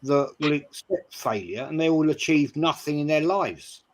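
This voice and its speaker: A man hosting a football call-in show, giving measured but blunt opinions. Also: on the high side, lively intonation. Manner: measured, blunt, dismissive of critics.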